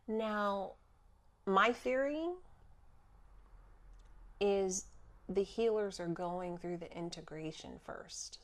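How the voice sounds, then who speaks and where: A woman's voice: medium pitch, very slow, long pauses. A woman who works as a spiritual healer, talking casually on a podcast and acting out her own inner voice with laughs.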